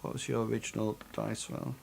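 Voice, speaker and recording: A man's voice: fairly low pitch, flat delivery, a little fast, vocal fry, a little mellow, slightly rough. A man running a tabletop game as game master, narrating combat with many hesitations.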